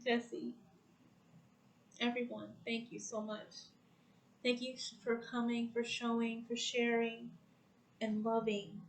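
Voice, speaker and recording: A woman's voice: on the high side, flat delivery, slow, long pauses, poor audio. A woman hosting a casual spiritual chat on a video call, effusive, heartfelt and emotional as she closes the show. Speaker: host.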